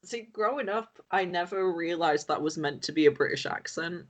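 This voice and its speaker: Podcast co-host, easygoing and giggly, mid pitch. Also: moderate pace. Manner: laughing, relaxed. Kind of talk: casual film chat.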